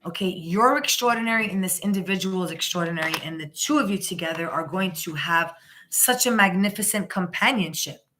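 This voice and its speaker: Background noise runs under this woman's brisk, lowish voice. She's a tarot reader doing a casual live session, emphatic and encouraging, rambling with plenty of restarts and "you know" again and again.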